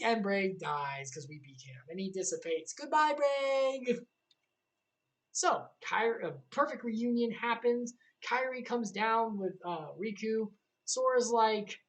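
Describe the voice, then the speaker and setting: A woman's voice: medium pitch, normal speed, rough recording. A young woman casually recapping a video game story on a livestream, with sarcastic, joking asides.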